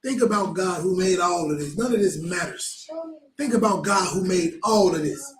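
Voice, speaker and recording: A man's voice: sits high, normal speed, echoey room, crowd noise, rough recording. A man preaching a fervent, blunt sermon with lots of repetition.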